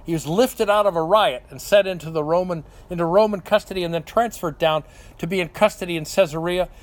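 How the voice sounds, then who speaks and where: Older male pastor with a high-pitched voice, conversational Bible teacher with frequent check-ins. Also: fairly quick.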